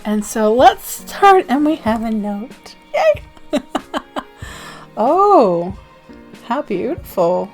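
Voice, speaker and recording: A woman's voice: a little high, big pitch swings, drawn-out words, pauses often, soft background music. An American woman chatting casually in a vlog, rambling and laughing often as she goes. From United States. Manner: rambling and giggly. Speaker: zine vlogger.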